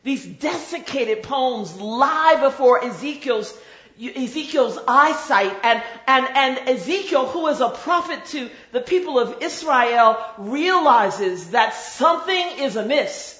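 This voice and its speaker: A woman preaching a sermon in a measured, rhythmic way, with dramatic repetition. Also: high voice, animated, fairly bright tone. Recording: roomy, slightly dull recording.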